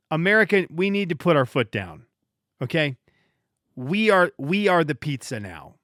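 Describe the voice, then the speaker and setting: A man in his thirties hosting a casual solo podcast, telling stories in an animated, joking way and often restarting his sentences. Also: a little high, no room sound, clean studio sound. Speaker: podcast host.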